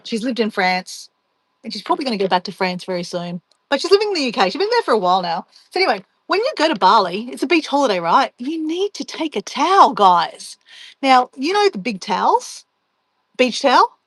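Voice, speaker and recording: A woman's voice: a little high, very animated, brisk, a bit bright, breathy edge, dry recording. A woman, a travel vlogger chatting casually and playfully with livestream viewers while she packs. She laughs often and talks to herself as she goes. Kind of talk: casual livestream chat reading viewer comments.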